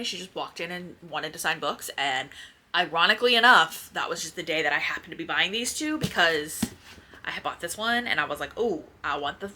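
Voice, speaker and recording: This woman's voice sits fairly low, bright and forceful, with a little hiss or hum in the recording. She's a book vlogger at home beside her bookshelves, rambling casually toward a front-facing camera and occasionally swearing.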